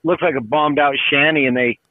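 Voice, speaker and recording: A man's voice: on the high side, steady tone, a little fast, a little hiss or hum. Rambling man on a tinny line. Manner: rambling storyteller, swears freely, acts out quotes. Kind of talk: casual chat. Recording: tinny phone-like sound.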